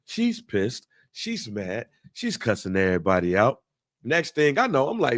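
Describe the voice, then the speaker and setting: A man's voice: mid-range voice, wildly swooping pitch, unhurried, dry recording, clean studio sound. A man, telling a profane, laughing story as a talk-show co-host.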